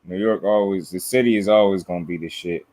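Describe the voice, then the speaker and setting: A man's voice: sits low, fairly even intonation, fairly quick, mellow, no echo. A man from New Jersey with a New Jersey accent, hosting a casual boxing live stream, laid-back and slangy, chuckling as he reads viewer comments. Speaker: boxing livestream host.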